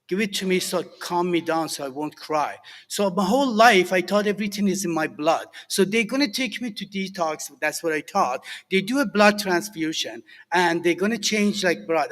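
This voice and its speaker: Middle-aged Persian-accented man, earnest halting recovery share, slightly high voice, long hall reverb. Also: a bit bright. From Iran. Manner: halting, many fillers and restarts, earnest. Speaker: recovery alumni speaker. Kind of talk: personal recovery share to a group.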